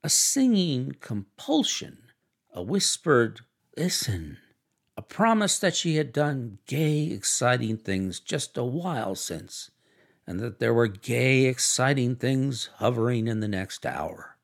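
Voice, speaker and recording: A man narrating a classic novel as an audiobook, reading in a measured, expressive way. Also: medium pitch, gravelly.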